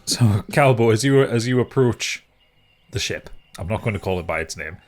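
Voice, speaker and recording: Man running a tabletop game, lowish voice, stumbling narration. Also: expressive, normal speed. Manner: hesitant, with restarts. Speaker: game master.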